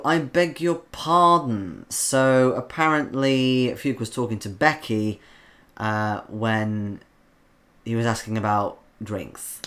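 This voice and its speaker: A man's voice: mid-range voice, fairly bright tone. A man from the Isle of Man hosting a live stream, chatting casually and reading out viewer comments, rambling with frequent ums. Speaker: livestream host reading chat.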